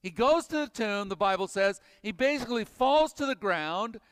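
Male pastor, high clear voice, emphatic preaching that sinks to a hush; church with long reverb. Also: expressive, normal speed, clean studio sound. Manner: emphatic, dropping to hushed intensity. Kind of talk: sermon.

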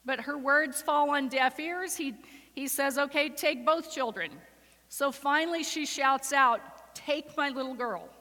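Woman pastor, sermon, high voice, acts out scripture voices, long hall echo. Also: measured pace, bright, forceful tone. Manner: acts out the voices in the story with rising emotion. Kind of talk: sermon with dramatic scripture reading. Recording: reverberant hall.

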